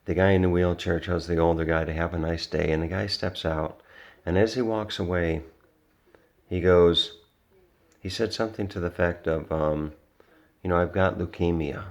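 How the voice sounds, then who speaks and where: A man's voice: deep voice, fairly even intonation, moderate pace, pauses often. A man vlogging, rambling through a personal story in a casual, earnest way with lots of restarts and fillers. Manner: earnest, reflective.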